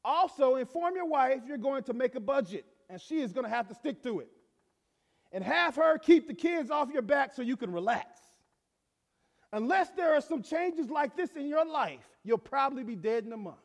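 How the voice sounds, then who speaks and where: A man's voice: extremely high pitch, lively intonation, normal speed, vocal fry, long reverb tail, full character voice. A man doing a blunt scolding doctor. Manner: blunt, lecturing. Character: stern male doctor scolding a patient.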